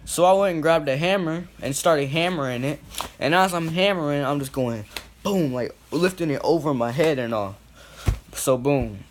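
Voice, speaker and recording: A young man telling a story in a loose, rambling way, leaning on "like" and "boom" as fillers. His voice sits a bit high for a man. He jumps from loud to hushed as he acts scenes out. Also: normal speed, a little hiss or hum. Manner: swings from loud to quiet when acting out scenes. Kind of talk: casual story time.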